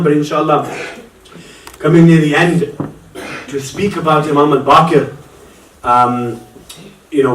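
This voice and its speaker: A man preaching a Muharram sermon, telling a story with mounting passion that swells into lament. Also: fairly high pitch. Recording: echoey hall, voice from a distance.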